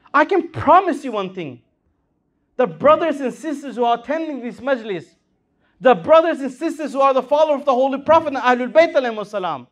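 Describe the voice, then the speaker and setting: Male preacher at a lectern mic, fervent sermon voice that swoops high and low. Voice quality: impassioned, rising and falling delivery. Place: Islamic center hall.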